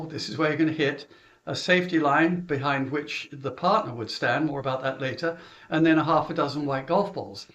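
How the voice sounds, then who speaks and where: A man's voice: fairly high pitch, a bit bright, muffled recording. A middle-aged British man, a golf coach, chattily recounting how he runs his junior lessons, with chuckles and filler words. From Britain.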